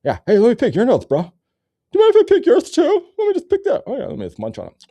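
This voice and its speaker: A man putting on a squeaky, silly voice of a goofy guy picking noses. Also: wildly swooping pitch, quick pace, warm tone, full character voice. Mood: gleeful. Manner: silly, gleeful.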